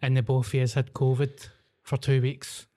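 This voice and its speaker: A Scottish man hosting a podcast, his voice a bit croaky after illness, chatting in jokey, sweary banter. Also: mid-range voice, completely flat delivery, normal speed, mellow. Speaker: podcast host. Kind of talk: casual chat.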